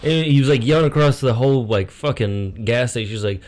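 A man's voice: medium pitch, brisk, a little mellow. A young man co-hosting a comedy podcast, casually telling an anecdote, acting out other people's lines and swearing. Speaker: podcast co-host. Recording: faint background noise.

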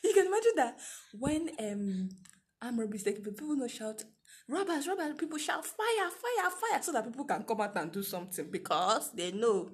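A young woman with a Nigerian accent chats as a co-host, her voice set slightly higher than most. She talks in a lively, theatrical way, full of exclamations and laughter. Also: brisk. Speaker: podcast co-host. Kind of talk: casual chat.

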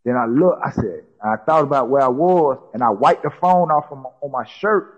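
A man's voice: mid-range voice, a little fast, breathy edge, lo-fi sound. A man telling a personal story in casual talk, repeating himself and acting out what people said. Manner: repetitive, acts out quoted dialogue.

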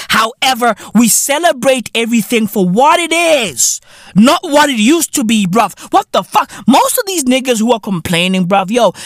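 A man's voice: extremely high pitch, fairly bright tone, no room sound, studio quality. A man with a South African accent, hosting a comedy show and delivering a profane, mocking, heated rant. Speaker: show host.

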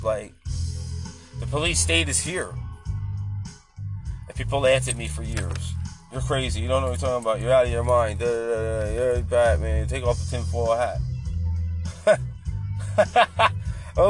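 A man's voice: fairly high pitch, a bit bright. A man delivering a heated, profane political rant in a casual monologue. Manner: heated, profane, repetitive ranting. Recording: faint music behind.

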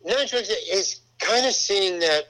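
A man's voice: high voice, expressive, slow, bright, forceful tone, poor audio. An older male actor and comedian telling a long rambling anecdote, acting out the voices of the people in it. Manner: rambling storyteller, acts out voices in quotes, many restarts.

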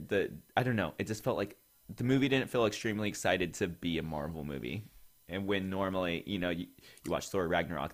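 A man hosting a casual podcast, talking in a rambling way with many fillers. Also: low voice. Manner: rambling, filler-heavy, laughs a lot. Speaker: podcast host.

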